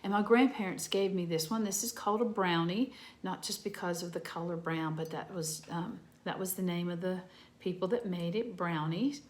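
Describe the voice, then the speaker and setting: Gentle teacher talking to kids. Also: female voice, fairly low pitch. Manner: gentle, slow, talking to children. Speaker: preschool teacher. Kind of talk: lesson for young children.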